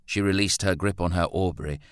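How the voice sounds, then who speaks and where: Deep-voiced man narrating a story. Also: steady tone, a little fast, smooth, dry recording, clean studio sound. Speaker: audiobook narrator. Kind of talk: scripted narration.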